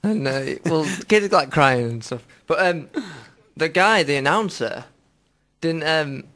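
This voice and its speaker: A man's voice: on the high side, lively intonation, unhurried, fairly bright tone. A man co-hosting a radio show, telling a news story in a rambling, giggly way and acting out quotes in silly voices. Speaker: radio co-host. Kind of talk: casual comedic news chat.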